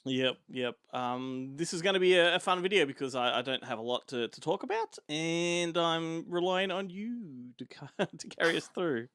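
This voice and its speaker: A man co-hosting a casual movie podcast chat, relaxed and laughing easily, with plenty of ums and uhs. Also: fairly high pitch, normal speed, few pauses, smooth, no echo, studio quality. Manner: relaxed, laughs often, hesitant with fillers. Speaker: podcast co-host.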